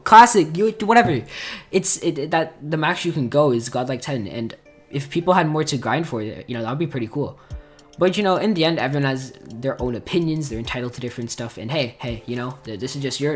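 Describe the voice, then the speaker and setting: Fast-talking young gaming YouTuber guy. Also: on the high side. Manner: rambling, full of "like" and "dude", mock-outraged rants. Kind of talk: casual gaming commentary to camera.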